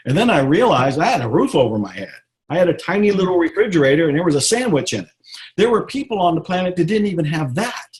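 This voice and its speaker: A middle-aged man from Texas speaks earnestly in an interview, his voice sitting a little high for a man. He is reflective and often slows down to drive home a point. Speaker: guest author. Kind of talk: interview, motivational talk.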